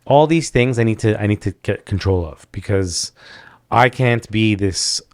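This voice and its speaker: A man's voice: fairly low pitch, normal speed. A man hosting a casual podcast chat, talking candidly and rambling, often breaking off and restarting his sentences. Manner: rambling, candid, self-interrupting. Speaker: podcast host.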